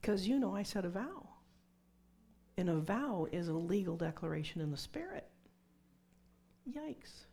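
A woman's voice: fairly low pitch, big pitch swings, unhurried, pauses often, dark tone, husky. A middle-aged woman preaching a conversational sermon with personal testimony, dropping to whispers for emphasis.

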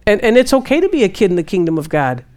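A woman giving casual Christian teaching, answering a question and acting out her own prayers. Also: fast. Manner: animated, quotes God in hushed low voice.

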